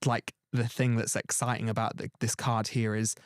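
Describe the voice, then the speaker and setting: A man gives a tarot reading in an earnest, reassuring, rambling way, filled with "like" and frequent restarts. His fairly low voice is smooth and level at a moderate pace, captured in a dry, studio-quality recording.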